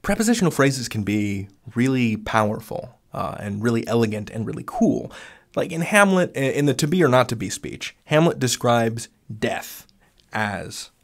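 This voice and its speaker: A man teaching grammar in a relaxed, conversational lesson, enthusiastic and full of fillers and restarts, recorded as a close voice-over. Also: medium pitch, moderate pace, gravelly.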